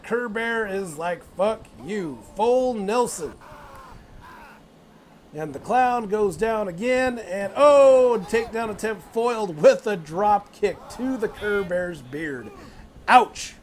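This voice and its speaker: A young man giving excitable play-by-play wrestling commentary, swearing, laughing and bursting into loud exclamations. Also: high voice, slow. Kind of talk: play-by-play commentary on a video game wrestling match.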